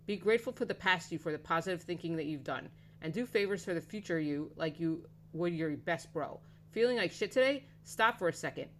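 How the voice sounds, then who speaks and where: A woman with a somewhat low voice reads a long post aloud in a relaxed conversational way. She breaks off with hesitant asides and delivers slangy, profane lines plainly. A faint hum sits under her voice. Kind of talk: reading an online post aloud in a casual conversation.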